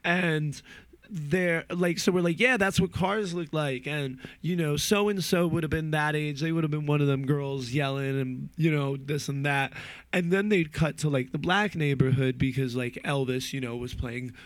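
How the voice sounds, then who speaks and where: A man's voice: fairly high pitch, steady tone, normal speed, no room sound. A man from New Jersey in a casual rant, rambling with lots of fillers and swearing. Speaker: movie reviewer.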